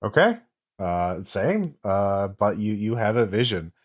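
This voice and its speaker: A man narrating as game master in a tabletop game, relaxed, with many pauses and ums. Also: on the low side.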